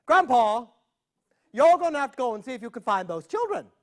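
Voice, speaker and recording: Exasperated old granny, man in falsetto, fretful and fussy. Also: big pitch swings, fairly quick.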